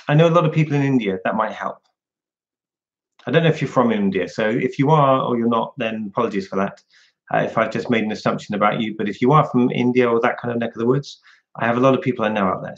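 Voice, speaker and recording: A man's voice: mid-range voice, quick pace, lo-fi sound. A man hosting a casual livestream, chatting and answering viewers' questions one by one. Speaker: livestream host.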